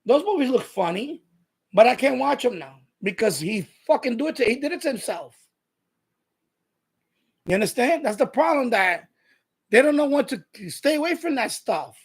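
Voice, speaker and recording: Live stream host, New man, husky, profane and combative, casual rant. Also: extremely high pitch, big pitch swings, moderate pace, pauses often. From New York. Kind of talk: casual ranting monologue.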